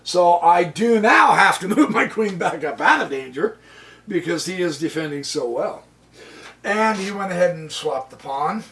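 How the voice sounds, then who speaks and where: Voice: medium pitch, lively intonation, normal speed, fairly bright tone, far from the mic. Chess channel host talking through their own game, chuckly and exclaiming a lot, swoopy voice, sits back from the mic. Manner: chuckling, exclaims with delight at the opponent's moves.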